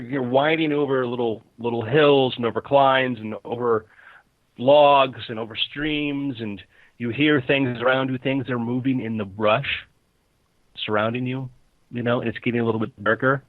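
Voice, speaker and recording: Game master, male, mid-pitched, descriptive narration, slightly muffled dry recording. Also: steady tone, moderate pace, no echo.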